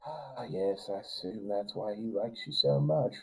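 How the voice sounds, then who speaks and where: Man voicing a soft-spoken goddess, low and gravelly. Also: a little slow, exaggerated voice, poor audio. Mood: soft, solemn. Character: gentle wise goddess, a woman.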